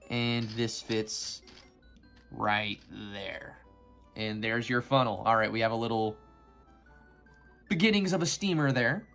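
A man's voice: mid-range voice, a bit bright. A man giving casual commentary on a toy build, rambling and joking as he goes. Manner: rambling, joking, easily sidetracked.

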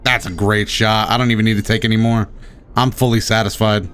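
A man streaming a game, commentating with excitement, often gasping and shouting at the creatures on screen. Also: on the low side, brisk, soft background music. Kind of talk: excited let's-play commentary.

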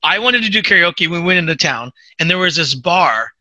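A man hosting a podcast, chatting casually and telling stories in an animated, chatty way. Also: a little high, fairly quick, a little hiss or hum. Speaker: podcast host. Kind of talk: casual chat.

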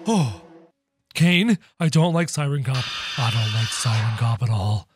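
A man doing excitable, jokey game commentary, yelping and shouting as he plays. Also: a little high, unhurried, faint music behind. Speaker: gaming channel host. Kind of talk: game commentary, playing in character.

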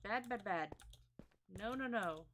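A woman's voice: medium pitch, expressive, slow. A woman streaming a game, chatting casually and muttering to herself as she plays, self-deprecating and easily startled. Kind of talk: casual gameplay commentary. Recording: loud background noise.

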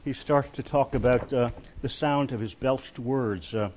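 A male lecturer talks his way through a poetry class, stopping often with fillers and false starts. His voice sits at an ordinary middle pitch. The recording is slightly muffled and dull. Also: darkish tone. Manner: halting, many fillers and restarts. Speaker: literature lecturer.

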